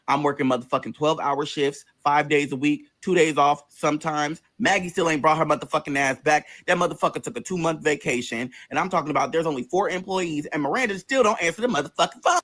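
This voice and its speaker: Sassy dude spilling a long story, cussing nonstop, voice on the higher side. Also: male voice, fast talker, few pauses. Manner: animated, profane, sassy. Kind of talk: casual storytime.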